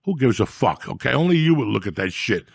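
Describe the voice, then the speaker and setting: A man hosting a podcast, telling stories in a profane, loud, animated comedic rant. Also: medium pitch, brisk, vocal fry, slightly rough, no room sound, clean studio sound. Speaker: podcast host.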